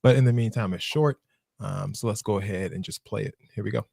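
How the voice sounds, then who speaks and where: A man's voice: lowish voice, brisk, gravelly, dark tone, breathy edge, no echo. A man hosting a casual podcast chat and introducing clips in a playful, laid-back way. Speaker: podcast host.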